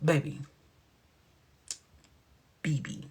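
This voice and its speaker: A man hosting a casual livestream, gossiping in a sassy way and often dropping into a whisper. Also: extremely slow. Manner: sassy, gossipy retelling with sudden dips into whispers. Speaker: livestream host.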